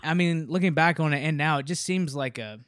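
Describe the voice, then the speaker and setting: A man's voice: fairly high pitch, fairly quick, no echo, studio quality. Laughing man telling stories. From Memphis, USA. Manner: animated, self-deprecating storyteller who laughs often. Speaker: guest storyteller. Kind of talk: casual chat.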